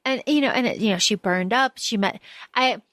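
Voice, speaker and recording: A woman's voice: fairly high pitch, fairly quick, a bit bright, no echo. A woman co-hosting a casual book podcast, chatty and swearing freely as she acts out characters' lines. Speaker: podcast co-host.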